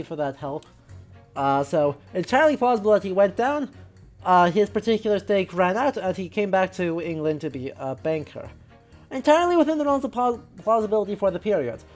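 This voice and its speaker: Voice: mid-range voice, darkish tone. A streamer reading a game aloud and making chatty, joking asides. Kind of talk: let's play commentary, reading the game aloud.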